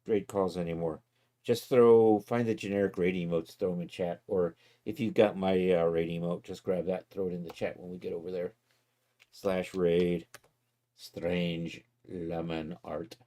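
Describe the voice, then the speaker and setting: A man with a fairly low, warm and relaxed voice talks to his live-stream audience. His chat is casual and easygoing, and he thinks aloud as he goes. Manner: easygoing, thinks aloud while clicking around.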